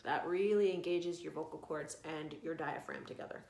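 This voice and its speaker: Woman, singing coach, vocal warm-up lesson, calm coaxing delivery, echoey room, faint hiss. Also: sits low, moderate pace, gravelly. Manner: calm, coaxing instructions with long vocal slides.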